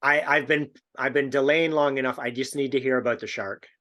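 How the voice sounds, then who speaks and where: A man's voice: medium pitch, fairly even intonation, fairly quick, a bit bright. A man hosting a podcast, giving short, enthusiastic reactions. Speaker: podcast host.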